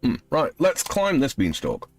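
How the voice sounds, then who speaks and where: A man's voice: medium pitch, huge pitch swings, measured pace, dry recording. A man in his thirties streaming a game, casually rambling as he reads chat messages aloud and answers them. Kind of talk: casual live-stream chat while gaming.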